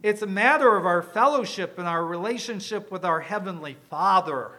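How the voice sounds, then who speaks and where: High, bright-voiced man preaching a sermon. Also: lively intonation, normal speed. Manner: emphatic preaching with rhetorical questions, repeats words when restarting. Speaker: pastor.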